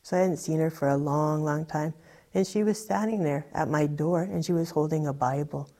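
Her voice sits low and mellow at a moderate pace as she shares her personal testimony. She's earnest and tends to ramble, filling her speech with "you know" and "like."

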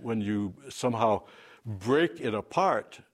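A man's voice: fairly low pitch, lively intonation, slow. Emphatic man preaching. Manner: emphatic, unscripted with fillers and restarts. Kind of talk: sermon.

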